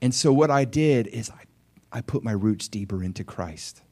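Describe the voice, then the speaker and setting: Emotional preacher man, quiet to shouting. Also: mid-range voice, animated, normal speed, husky. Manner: emotional storytelling with big swings from quiet to shouting; conversational, with fillers and questions to the audience. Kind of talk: sermon with personal testimony.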